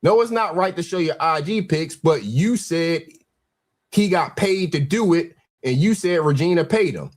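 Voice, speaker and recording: A man's voice: fairly high pitch, expressive, moderate pace. A man hosting a reaction show, explaining his side in a matter-of-fact, casual way. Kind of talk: casual commentary.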